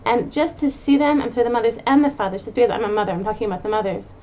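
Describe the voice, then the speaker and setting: A woman's voice: on the high side, a little mellow, a little hiss or hum. A woman hosting a pep talk for mothers, speaking earnestly off the cuff and often restarting her phrases. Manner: earnest, repeats and restarts phrases, rushes in bursts. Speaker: podcast host giving a pep talk to mothers. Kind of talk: unscripted monologue.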